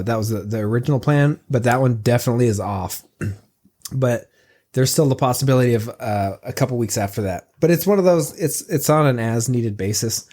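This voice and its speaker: A man co-hosting a casual podcast, stumbling over hedged, halting explanations. His voice is mid-pitched and plain. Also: mellow. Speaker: podcast co-host.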